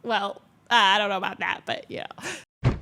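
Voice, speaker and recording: A woman streamer telling a story in a casual way, fast and animated, laughing often and stumbling over her words. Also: mid-range voice, background noise.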